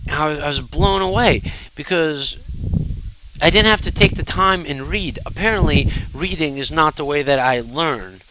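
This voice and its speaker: A man telling personal stories casually to camera, animated and digressive, often turning to address his viewers directly. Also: on the high side, moderate pace, noisy background. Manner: fidgety while talking. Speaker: storyteller.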